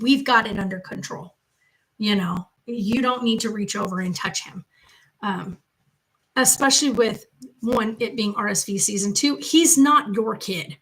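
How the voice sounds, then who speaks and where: A woman's voice: mid-range voice, fairly bright tone, poor audio. A woman, a grandmother, talking in a casual vlog, chatty and telling stories, turning firm when she makes a point. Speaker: vlogger and grandmother.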